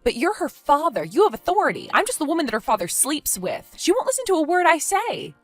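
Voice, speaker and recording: A young babysitter in over her head, talking in a frantic, pleading rush. Her voice swings widely, climbing sharply when she feels ignored. Soft music hums behind her in this animated story. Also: sits high, quick pace, dry recording, exaggerated voice. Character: anxious young woman babysitting, easily alarmed. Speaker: stepmother-to-be left babysitting.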